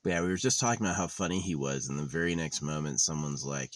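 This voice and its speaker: Deep, dry-voiced man rambling sardonically. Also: quick pace, hardly any pauses, dry recording. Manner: meandering, sardonic, swears casually. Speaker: vlogger. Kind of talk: rambling monologue. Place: lives in a van.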